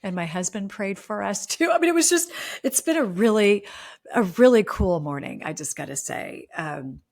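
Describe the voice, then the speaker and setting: A woman's voice: medium pitch, expressive, moderate pace, a little mellow. A woman hosting a podcast, talking in an effusive, faith-filled way. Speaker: podcast host. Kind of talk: casual podcast chat and ad read.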